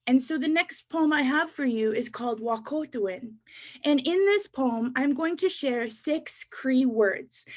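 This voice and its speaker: Woman, Canadian, high voice, spoken word poet, teaching, repeat-after-me. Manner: rhythmic rhyming recitation, then coaching listeners to repeat words. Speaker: poet and educator. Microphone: online webinar mic.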